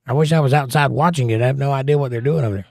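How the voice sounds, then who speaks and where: A man's voice: mid-range voice, very fast, creaky, a little mellow, no echo, clean studio sound. A man hosting a casual livestream, greeting viewers and reading their chat comments aloud in a folksy, chatty way. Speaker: host.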